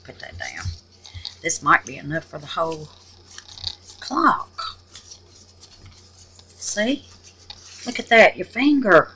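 A woman's voice: lowish voice, big pitch swings, slow pace, pauses often, pushed and bright, slightly rough, rough recording. A woman hosting a casual crafting tutorial, chatting away, exclaiming to the Lord and muttering half-whispered asides to herself. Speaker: resin craft channel host.

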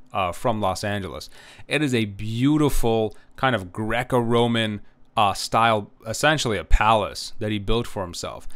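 Low, smooth-voiced male history lecturer. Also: fairly bright tone. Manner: rambling with many "uh"s and "right?" checks. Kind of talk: recorded classroom lecture.

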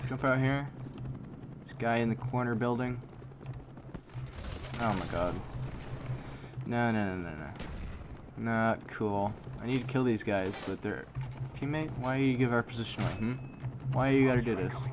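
Excitable young man over game gunfire. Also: medium pitch, noisy background. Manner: excitable, frustrated exclamations and muttering. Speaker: gaming commentator. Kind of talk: live gameplay commentary.

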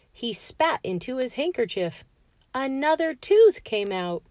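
A woman reading a rhyming children's picture book aloud in an expressive, sing-song way. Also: mid-range voice, slow, no echo. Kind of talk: read-aloud storytelling for kids.

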